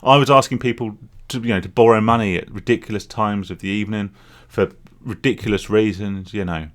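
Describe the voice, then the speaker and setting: Low-voiced rambling man. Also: steady tone, fairly quick, a bit bright. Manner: rambling, candid, confessional. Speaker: vlogger, former gambling addict. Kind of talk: reflective solo vlog monologue.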